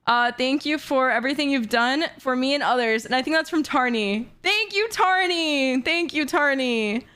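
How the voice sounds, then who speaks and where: A woman's voice: sits high, animated, normal speed, sharp tone, clear, resonant tone. A woman in her twenties streaming casually, reading fan messages aloud in a bubbly, giggly way. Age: 20s. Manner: bubbly and giggly, often breaking into laughter.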